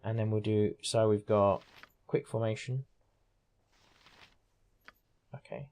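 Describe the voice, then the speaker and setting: A man's voice: on the low side, fairly even intonation, normal speed, warm tone, soft background music. A man giving casual, rambling commentary while playing a video game, chatty and easily sidetracked. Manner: chatty, rambling, self-interrupting. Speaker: gaming streamer. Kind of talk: casual let's-play commentary.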